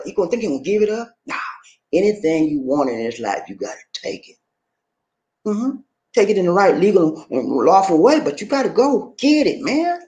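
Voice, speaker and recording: A man's voice: sits high, sing-song, moderate pace. A man hosting political commentary, emphatic and rhetorical, often repeating "okay?" and "man". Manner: rhetorical questions, preacher-like delivery.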